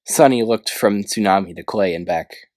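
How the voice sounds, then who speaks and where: A man narrating a children's fantasy novel aloud in a steady, plain reading style with small slips. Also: on the low side, normal speed, no room sound. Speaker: amateur audiobook reader. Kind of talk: storybook narration.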